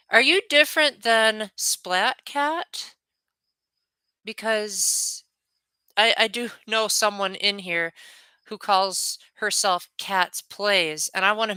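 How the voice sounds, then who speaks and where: Bright, crisp-voiced young male streamer. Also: high-pitched, no room sound. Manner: chatty, rambling, friendly. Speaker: livestreamer. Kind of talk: casual livestream chat with viewers.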